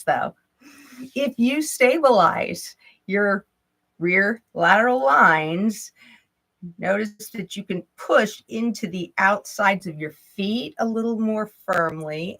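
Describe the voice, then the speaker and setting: A woman talking a class through yoga stretches in a calm, steady voice. She cues each breath and movement gently, with a small laugh now and then. Her pitch sits in the middle of the range for a woman. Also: slow pace, creaky, low-quality recording. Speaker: yoga instructor. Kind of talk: guided movement instruction.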